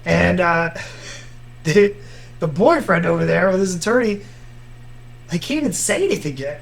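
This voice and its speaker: A man's voice: high-pitched, normal speed, gravelly, pauses often, low-quality recording. A man with a Miami accent, a lawyer and podcast co-host, telling courtroom stories in a casual chat. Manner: animated storyteller, acts out quotes.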